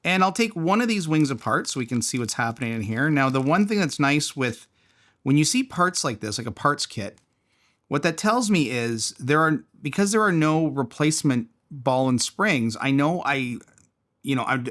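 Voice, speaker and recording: A man's voice: medium pitch, animated, a little fast, a bit bright. A man casually reviewing and taking apart a small fidget toy, thinking aloud as he tinkers. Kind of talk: casual product teardown.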